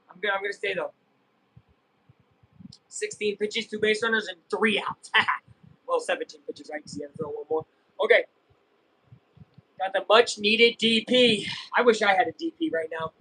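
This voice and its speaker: A young man casually chatting and reacting while streaming a live baseball game, rambling and breaking into excited yells. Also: high voice, brisk, husky, rough recording. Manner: rambling, self-interrupting, bursts of excited yelling. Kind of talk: casual live game watch-along chat.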